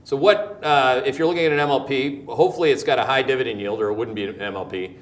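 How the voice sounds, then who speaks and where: A man's voice: mid-range voice, fast talker. Emphatic Canadian man in an echoey room. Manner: animated, emphatic, jokey, repeats words. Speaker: host. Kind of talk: market commentary on a live show.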